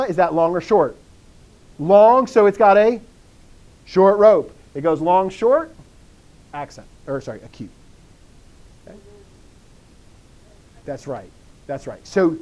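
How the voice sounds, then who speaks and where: A man teaching a classroom lesson on Greek accents, drilling students with repeated questions and bursting into animated enthusiasm. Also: high-pitched. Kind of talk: classroom lecture.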